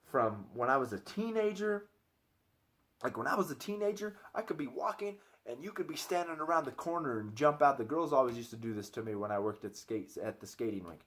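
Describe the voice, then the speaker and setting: A man's voice: medium pitch, lively intonation, a little fast, fairly bright tone. A man in his thirties giving an earnest, opinionated vlog monologue, often tagging his points with "right?". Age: 30s. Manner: chatty, keeps tagging lines with "right?"; earnest, opinionated, repeats himself while he thinks. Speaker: personal trainer vlogger.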